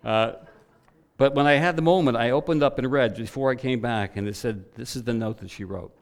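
A man's voice: mid-range voice, brisk. Man preaching through a personal story. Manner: animated storytelling with quoted voices.

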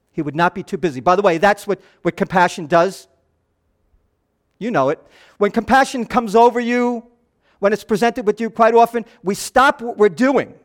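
Man, middle-aged, pastor, sermon, high-pitched, hushed to animated swings.

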